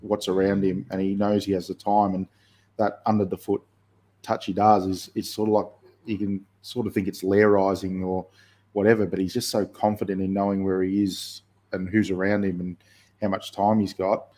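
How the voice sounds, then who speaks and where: Man, deep, mellow tone, relaxed football podcast chat. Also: moderate pace. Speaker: podcast co-host and youth football coach.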